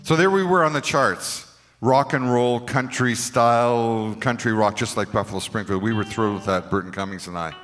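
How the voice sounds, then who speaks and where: A man's voice: medium pitch, normal speed, a bit bright, soft background music. An older man from Canada telling stories between songs on a concert stage in a chatty, anecdotal way, acting out dialogue. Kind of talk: live stage storytelling. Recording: long reverb of a concert hall.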